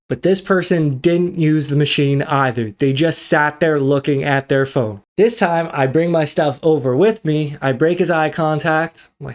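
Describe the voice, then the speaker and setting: A man with a slightly high voice hosts a solo tech podcast. He tells his story in a loose, ranting way and acts out the quoted lines as he goes. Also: normal speed, few pauses. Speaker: podcast host. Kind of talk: casual solo podcast monologue.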